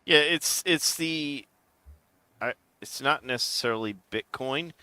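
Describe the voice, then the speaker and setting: A man's voice: medium pitch, unhurried, pushed and bright, clean tone, dry recording. A man co-hosting a casual podcast, talking bluntly and swearing. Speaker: podcast co-host.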